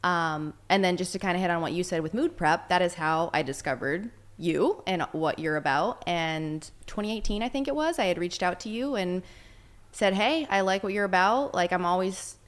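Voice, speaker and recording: A woman's voice: fairly low pitch, moderate pace. An American woman from Minnesota, a fitness and nutrition coach, chatting as a podcast guest in a friendly way. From Minnesota, USA. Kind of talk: casual conversational interview.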